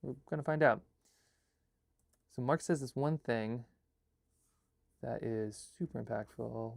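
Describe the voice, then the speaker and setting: A man hosting a casual live chat, brainstorming a story in an excitable, rambling way, full of fillers and restarts. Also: mid-range voice, unhurried, gravelly, pauses often, no room sound. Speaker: host and filmmaker.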